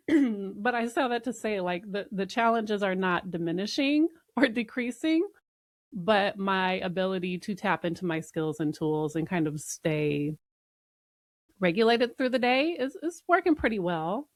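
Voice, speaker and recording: A woman's voice: mid-range voice, expressive, a little slow, no room sound, studio quality. Reflective woman podcast co-host. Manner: warm, laughing, reflective. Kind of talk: casual podcast conversation.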